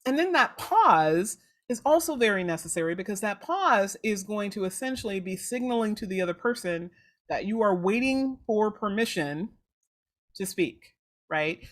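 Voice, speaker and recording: A woman with a medium-pitched, animated voice speaks at a moderate pace on an instructional podcast. As host and law firm trainer, she coaches listeners on handling intake calls and acts out sample phone lines.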